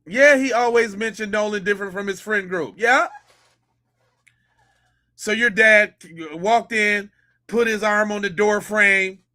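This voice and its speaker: A man's voice: high-pitched, fairly even intonation, unhurried, long pauses, sharp tone. A middle-aged man hosting a podcast, giving mocking, incredulous, slangy commentary on a clip.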